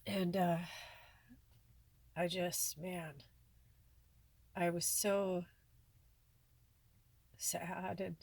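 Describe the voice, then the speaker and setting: A woman's voice: on the low side, little pitch movement, drawn-out words, creaky, long pauses, darkish tone. A woman talking tearfully and rambling in a personal vlog, filling her speech with many "like"s. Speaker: spiritual vlogger.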